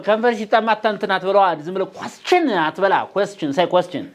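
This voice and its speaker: Talking at a rapid-fire pace in a high-sitting voice, a male teacher quizzes his class during an English grammar lesson, switching between English and Amharic.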